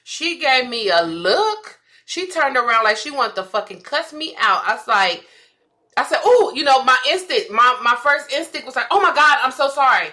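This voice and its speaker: A comedian co-hosting a podcast tells stories in a casual chat, laughing often and acting out what people said. Her voice sits high and moves at a moderate pace, with an animated storytelling manner.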